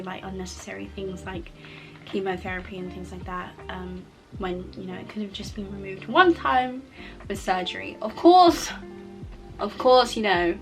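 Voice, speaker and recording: A woman vlogger sharing a personal testimony in casual storytelling, animated as she acts out her own past reactions, her speech altered by a mouth cover plate. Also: mid-range voice, low-quality recording.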